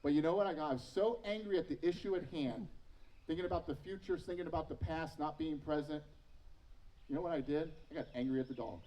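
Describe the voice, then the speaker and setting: A man's voice: fairly high pitch, quick pace, warm tone, recorded from a distance, slight background noise, poor audio. A man in his thirties preaching a sermon as pastor, telling personal stories with self-mocking humor. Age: 30s.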